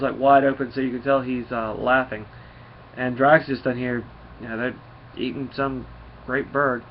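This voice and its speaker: A man's voice: medium pitch, steady tone, moderate pace, dull audio, slight background noise. A man giving a casual comic book recap, rambling and full of fillers.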